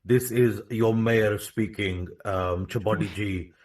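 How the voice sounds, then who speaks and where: A brash, swaggering pirate-radio MC makes loud mock announcements. His voice is low. It is heard as a distant clip played through speakers. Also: fairly even intonation, takes it slowly. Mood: mock-serious.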